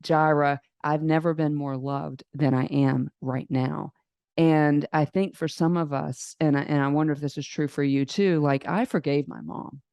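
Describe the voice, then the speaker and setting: A woman's voice: low voice, steady tone, normal speed, a little mellow, smooth, no room sound. A woman hosting a faith-based interview podcast, speaking earnestly and encouragingly. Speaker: podcast host.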